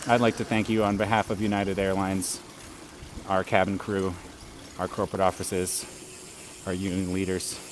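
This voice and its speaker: A man voicing a male airline pilot making a formal cabin announcement, low and soft. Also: flat delivery, moderate pace, pauses often, background noise, lightly acted. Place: outdoors on a bike in a city.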